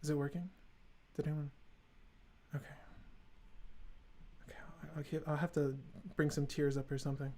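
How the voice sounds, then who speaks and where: Male streamer, higher-pitched voice, casual and sarcastic, chatting with a live audience. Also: little pitch movement, normal speed, long pauses, darkish tone, a little hiss or hum. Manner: joking, sarcastic, talks to chat.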